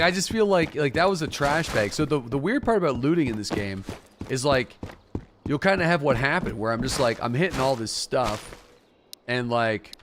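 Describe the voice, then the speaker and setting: Relaxed male streamer, mid-pitched, loose and profane, with clear game sounds underneath. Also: noisy background. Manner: laid-back, profane, thinking aloud. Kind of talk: casual gaming chat with a co-op partner.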